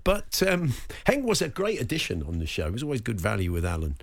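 Lively, jokey male radio host. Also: mid-range voice, quick pace, creaky. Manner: jokey, laughs often. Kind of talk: sports radio banter.

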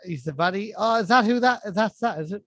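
A man's voice: high voice, expressive, brisk, a bit bright, dry recording. A man co-hosting a casual chat about a film, often laughing and incredulous. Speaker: podcast co-host.

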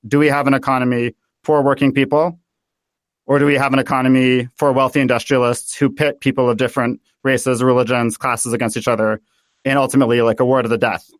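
A man from the United States, a guest in a political interview, talking in an animated way and thinking aloud with many fillers. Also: medium pitch, no echo. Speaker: guest author.

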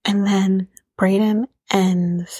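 A woman hosting a podcast, recapping casually in a blunt, profane, sarcastic way and often dropping to a breathy half-whisper. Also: medium pitch, little pitch movement, extremely slow, mellow, dry recording. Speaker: podcast host recapping a reality show. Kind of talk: casual chat.

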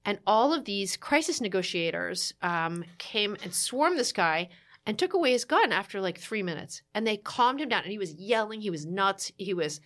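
Woman, casual podcast chat, animated storyteller, quick asides, acts out quotes. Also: medium pitch. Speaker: guest telling a marriage story.

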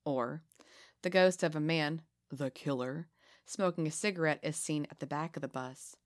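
A woman co-hosting a casual podcast, reading spooky legends aloud in a playful, giggly way with dramatic pauses. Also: sits low. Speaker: podcast co-host.

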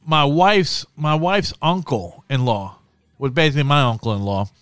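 A man co-hosts a podcast in casual, profane chat, swearing constantly and saying "bro" a lot. His fairly high voice is slightly slow, a bit bright, clear and resonant, captured in a dry, studio-quality recording.

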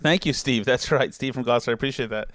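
A man's voice: medium pitch, quick pace, fairly bright tone, no echo. A man hosting a podcast, chatting casually and rambling through stories with many restarts. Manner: rambling, self-interrupting storyteller. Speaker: podcast host. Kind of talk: casual chat reading listener messages.

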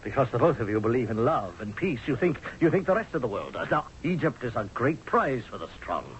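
A man's voice: mid-range voice, sing-song, fairly quick, a little hiss or hum, lightly acted. An actor playing a blunt, sarcastic male army general in a 1970s radio drama. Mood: exasperated. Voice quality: sarcastic, forceful. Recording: dull lo-fi radio recording.

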